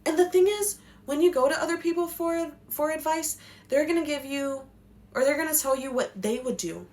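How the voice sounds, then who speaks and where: A woman's voice: high voice, normal speed, darkish tone. A young woman giving spiritual life advice in a casual, passionate, slangy talk, swearing now and then. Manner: passionate, slangy, swears, acts out quotes in voices.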